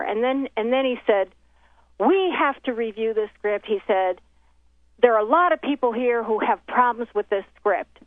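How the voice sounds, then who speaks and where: A woman's voice: fairly high pitch, moderate pace. A woman recounting a professional story in casual conversation, acting out the voices of the people she quotes. The sound comes through a thin, tinny phone line. The recording is dry, with no room echo. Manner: animated retelling with many quoted exchanges and restarts. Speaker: documentary filmmaker telling her story.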